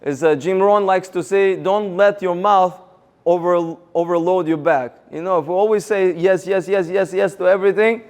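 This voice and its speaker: A man giving a motivational seminar talk, energetic and rallying the audience with questions. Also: high-pitched, normal speed. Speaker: seminar speaker.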